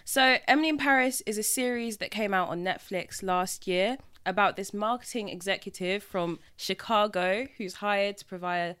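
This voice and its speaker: A woman's voice: lowish voice, fairly bright tone, smooth. A woman hosting a casual podcast chat, talking loosely with many "like" and "literally" fillers. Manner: chatty, lots of "like" and "literally" fillers. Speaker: podcast host.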